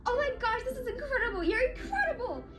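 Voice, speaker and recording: A woman voicing a bubbly, excitable teenage girl with a Valley Girl accent in a homemade comic dub. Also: very high-pitched, fast, pitched above the performer's own voice. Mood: excited. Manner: gushing, breathless excitement. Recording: music playing behind.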